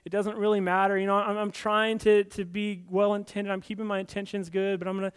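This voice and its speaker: A man's voice: sits high, level tone, brisk, clean tone. A man preaching a sermon as pastor in a conversational way, often repeating words as he builds his points.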